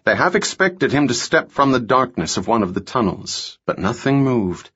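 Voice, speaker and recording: A man narrating a thriller audiobook in a measured, unhurried reading. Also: medium pitch, big pitch swings, a bit bright, slightly rough, dull audio. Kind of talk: scripted narration.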